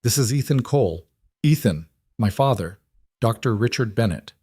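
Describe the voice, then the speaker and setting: A man's voice: medium pitch, expressive, normal speed, dark tone, slightly rough, no echo. Brief: man doing nervous young woman doctor, guarded, dry close audio.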